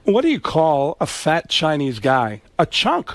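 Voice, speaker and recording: Man putting on an odd, halting older actor voice, deadpan pauses. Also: a little high, no echo, full character voice.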